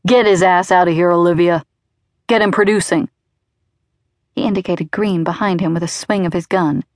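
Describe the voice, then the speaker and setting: A woman narrator voicing a furious, menacing male crime boss who shouts at his men. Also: on the low side, fairly even intonation, normal speed, no room sound, clean studio sound, close to an everyday voice.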